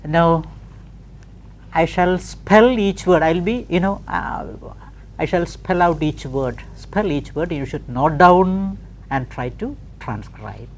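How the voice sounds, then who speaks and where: A male teacher leads a classroom pronunciation lesson at an unhurried pace. His voice moves up and down in a lively way as he repeats words over and over for practice, checking in with "okay" between them. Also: on the high side. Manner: slow and deliberate, repeats words for practice, often says "you know" and "okay". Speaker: English teacher.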